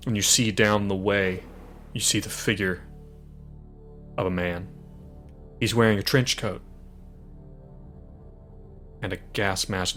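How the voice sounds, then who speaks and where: A man with a fairly low voice acts as game master for a tabletop game, narrating and describing scenes in an animated way.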